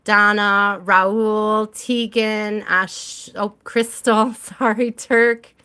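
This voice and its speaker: Chatty American woman host, bright tone, unhurried, reading a list of viewer names on a stream. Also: medium pitch, steady tone, smooth. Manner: chatty, reads out viewer names, laughs often. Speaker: tarot reader and livestream host. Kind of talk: casual livestream chat with viewers.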